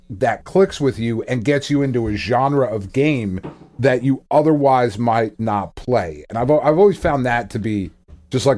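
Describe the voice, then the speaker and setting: A man's voice: medium pitch, a little mellow. A man hosting a casual podcast, rambling and swearing with frequent laughs. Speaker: podcast host.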